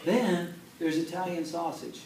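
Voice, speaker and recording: A man from Chicago telling an animated story and coaxing a live class to join in as a motivational speaker. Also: a little high, a little slow, noisy background. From Chicago, USA. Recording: roomy sound from a distant mic.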